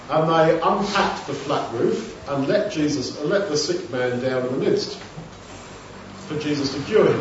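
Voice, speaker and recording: A man's voice: a little high, slight background noise. A man preaching a sermon in a casual, conversational way, often acting out short dialogues. He is recorded from a distant mic in a large echoey hall, and the sound is dull.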